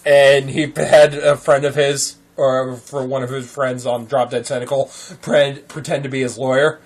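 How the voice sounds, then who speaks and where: A man's voice: mid-range voice, level tone, moderate pace. A man hosting a casual chat show, rambling through jokey stories and laughing often. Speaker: podcast host.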